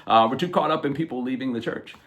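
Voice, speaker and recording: A man's voice: medium pitch, fast, a bit bright. A man hosting a podcast, talking about faith in an emphatic, conversational way, with many fillers and asides. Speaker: podcast host. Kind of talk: casual faith commentary.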